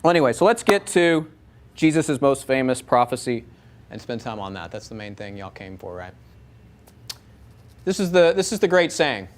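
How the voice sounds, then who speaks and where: A man teaching a live audience, animated, asking them many rhetorical questions. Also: mid-range voice, normal speed, pauses often. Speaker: Bible teacher.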